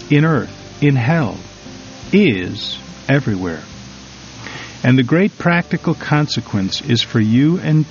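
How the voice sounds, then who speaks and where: A man reading a devotional story and reflection in a measured, solemn manner with drawn-out emphasis. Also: mid-range voice, darkish tone. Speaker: devotional reader. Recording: slightly dull recording over faint music.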